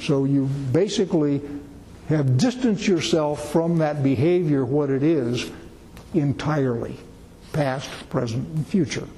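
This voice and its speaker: A man's voice: a little high, warm tone, slight background noise. Folksy male preacher in a reverberant hall. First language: English; not a Hebrew speaker. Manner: plainspoken, folksy, checks in with "okay?". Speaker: Bible teacher. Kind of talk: informal sermon.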